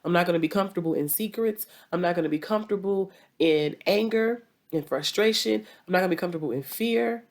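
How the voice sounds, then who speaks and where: Low, gravelly Southern woman giving advice. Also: fast talker, hardly any pauses. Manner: direct, emphatic, repeats points for stress. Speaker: relationship advice podcast host. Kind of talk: conversational advice talk.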